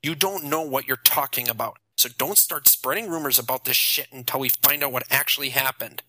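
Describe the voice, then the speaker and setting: A man's voice: mid-range voice, bright, forceful tone. A man voicing an earnest teenage boy who firmly stands up to a bully. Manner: firm, measured, defiant.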